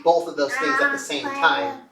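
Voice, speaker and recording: A man's voice: a little high, big pitch swings, moderate pace, a crowd in the background. A man leading a family study at home, explaining ideas thoughtfully. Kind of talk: casual family discussion. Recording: roomy echo, mic far off.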